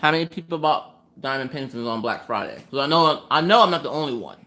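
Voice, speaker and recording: A woman hosting a laid-back craft livestream, talking straight to her viewers. Her voice has a bright, crisp edge. She rambles in a chatty way and slips into exasperated rants full of rhetorical questions. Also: extremely low pitch, expressive, fast. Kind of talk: casual chat with live viewers. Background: chewing ice between sentences.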